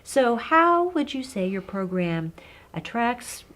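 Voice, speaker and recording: A woman's voice: fairly high pitch, big pitch swings, slow, a bit bright. A woman interviewing a guest, asking questions and encouraging him with frequent murmured agreement. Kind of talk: conversational interview.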